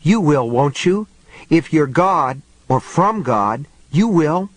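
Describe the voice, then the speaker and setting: A man's voice: on the low side, very animated, moderate pace, breathy edge, no echo. A man voicing a frightened woman on the edge of hysteria, pleading in a raised voice.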